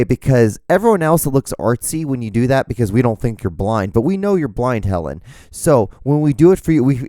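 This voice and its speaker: A man rambles through a solo podcast, dropping profanities and poking fun at himself as his voice begins to tire. His pitch sits in an ordinary middle range. The sound is close and dry, with no room echo. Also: mellow. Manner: rambling, profane, self-deprecating. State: voice wearing out. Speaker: podcast host.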